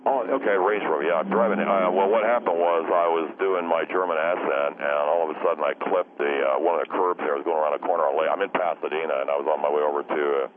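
A man's voice: extremely low pitch, fairly even intonation, quick pace, hardly any pauses. A man playing a scatterbrained young caller who rambles, apologizes and loses his train of thought. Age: young adult. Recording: tinny phone line with faint hiss.

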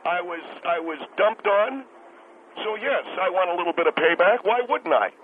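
In a comedic radio call-in bit, a man voices a bitter restaurant owner who calls in, talking in indignant, stammering rushes and repeating himself. His voice is high with lively intonation, heard over a noisy, tinny phone line.

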